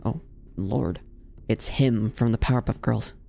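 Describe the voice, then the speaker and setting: A game streamer giving joking commentary and reading game text aloud, with sudden loud outbursts. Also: mid-range voice, measured pace, vocal fry. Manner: playful, jokey, breaks into loud shouting outbursts.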